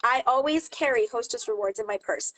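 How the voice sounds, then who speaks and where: A mom talking casually to camera, giving business tips and acting out lively quoted exchanges. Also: female voice, fairly high pitch, a little fast, rough recording. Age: adult mom. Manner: chatty, animated storyteller acting out quotes. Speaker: jewelry seller and channel host. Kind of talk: casual advice talk to camera.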